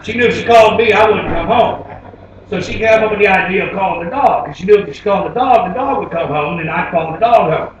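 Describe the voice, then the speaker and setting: A storyteller with a high voice tells comic stories on stage at a quick pace, laid-back and rambling with fillers, a crowd audible behind him. The live recording is distant, roomy, and dull.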